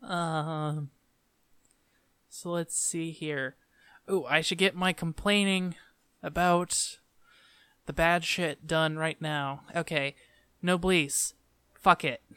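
A man's voice: a little high, fairly even intonation, slow pace, pauses often, sharp tone, smooth, no room sound. A man co-hosting a podcast, casually complaining with exasperation. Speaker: podcast co-host. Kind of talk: casual chat.

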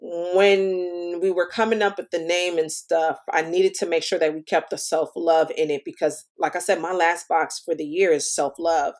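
A woman guest on a casual podcast, telling stories in an animated way and calling the listener "girl". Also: lowish voice, normal speed, few pauses. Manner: lively, animated storytelling, calls the listener girl. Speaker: podcast guest, stationery shop owner. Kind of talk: casual interview chat.

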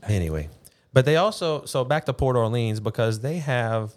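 A man co-hosting a casual podcast, telling stories in a relaxed, easygoing way with a bit of swearing. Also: mid-range voice, moderate pace. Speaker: podcast co-host. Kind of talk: casual chat.

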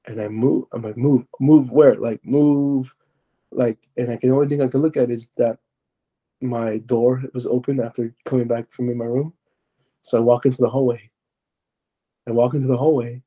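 A young man telling his personal testimony as a podcast guest, halting and restarting as he searches for words. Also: mid-range voice, little pitch movement, warm tone.

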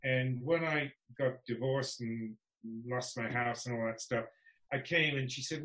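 A man's voice: medium pitch, unhurried, bright, forceful tone. A man talking as a podcast guest in casual conversation, wry and frank, laughing often. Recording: echoey room.

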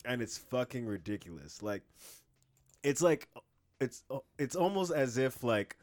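A man co-hosting a podcast and trying out stand-up, talking in loud, profane, animated rants. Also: medium pitch, takes it slowly. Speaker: podcast co-host, aspiring stand-up comic. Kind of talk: casual podcast chat.

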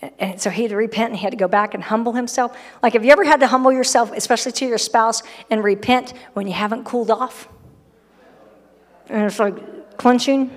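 Humorous woman preaching in a reverberant church. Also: fairly high pitch. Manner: conversational and humorous, acting out people. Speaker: pastor. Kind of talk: sermon. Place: church sanctuary.

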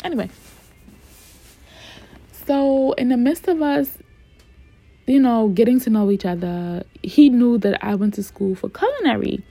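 A woman in her forties from New York, with a New York accent, telling a story casually in slangy, animated talk and acting out the quotes. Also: fairly high pitch, measured pace, vocal fry, long pauses, no echo, soft background music.

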